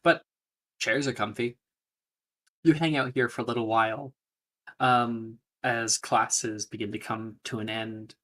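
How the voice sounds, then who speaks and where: A man narrating a tabletop game as game master, unhurried and pausing often with fillers. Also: mid-range voice, fairly even intonation, fairly bright tone. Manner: unhurried, with many filler pauses.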